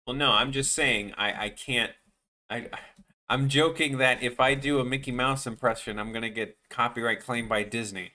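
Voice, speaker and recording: Bright-voiced man rambling on a stream. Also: mid-range voice, moderate pace. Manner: rambling, joking, trails off mid-sentence. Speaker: animation streamer. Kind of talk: casual live-stream chat.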